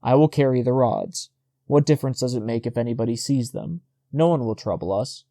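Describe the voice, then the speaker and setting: A man voicing a talkative, boastful old village fisherman who speaks rapidly and insistently. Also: mid-range voice, dark tone, no echo, natural voice.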